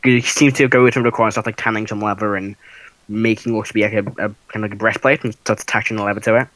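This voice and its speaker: A man's voice: lowish voice, fairly even intonation, fast talker, a bit bright, no echo, poor audio. A man narrating as game master for a tabletop game, casual and hesitant with many fillers. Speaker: dungeon master.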